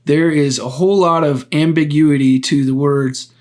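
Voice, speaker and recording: A man hosting his own podcast, talking through a topic on his own in an earnest, deliberate way, often stopping to restart a phrase and explain step by step. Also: a little high, fairly even intonation, darkish tone. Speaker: podcast host. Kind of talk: solo political commentary.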